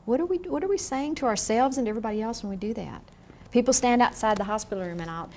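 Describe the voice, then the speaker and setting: A woman lecturing a class on grief in a frank, lively way, often asking the room questions. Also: mid-range voice, fast talker, hardly any pauses, slight background noise. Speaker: grief educator. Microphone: on camera, room mic.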